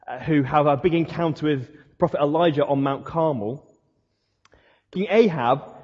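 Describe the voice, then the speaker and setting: A man's voice: a little high, a little mellow, breathy edge. Male pastor, earnest sermon, repeats his questions; muffled church hall recording. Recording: muffled sound with long hall reverb.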